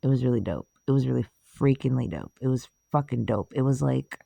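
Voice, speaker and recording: Low gravelly woman, rambling casual chat. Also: fairly quick, mellow, no echo. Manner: rambling, laughs often, swears, trails off. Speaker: vlogger.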